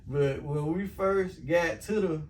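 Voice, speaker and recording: A man co-hosting a couple's vlog with his wife, an animated storyteller who acts out quotes and laughs often. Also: fairly high pitch, slow pace. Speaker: vlogger, co-host with his wife. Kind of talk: casual couple chat. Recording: distant mic with faint background noise.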